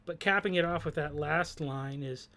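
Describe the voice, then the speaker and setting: Guy talking through song lyrics, kinda higher voice, lots of ums and restarts. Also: normal speed, pushed and bright. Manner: thoughtful, hesitant, many fillers and restarts. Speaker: host discussing song lyrics. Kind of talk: reflective commentary.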